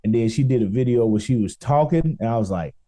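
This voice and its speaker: Mellow-voiced Chicago man on a comedy podcast. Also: mid-range voice, animated, fast talker. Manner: laid-back storytelling with rambling asides. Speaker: podcast co-host. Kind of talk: casual comedic chat.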